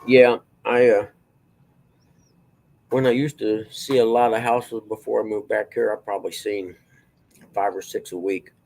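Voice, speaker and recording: A middle-aged man, talking in a gravelly, somewhat low voice. He rambles through folksy personal stories in a loose, drawling way, trailing off and circling back as he goes. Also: steady tone, a little slow, long pauses, a little mellow, rough recording. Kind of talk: casual storytelling chat.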